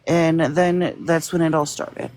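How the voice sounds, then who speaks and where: A woman's voice: deep voice, little pitch movement, slow, darkish tone, dry recording. Upset woman venting on a livestream. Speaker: live stream participant. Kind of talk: casual chat.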